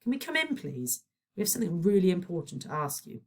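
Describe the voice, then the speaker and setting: A woman reading aloud and voicing an eager, clumsy young boy who talks quickly and informally. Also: fairly low pitch, very animated, far from the mic.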